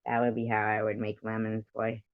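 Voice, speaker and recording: A woman's voice: very deep voice, completely flat delivery, brisk, no room sound. An American woman hosting a casual livestream, rambling and giggly as she reads out viewer comments. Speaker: livestream host. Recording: dull lo-fi stream audio.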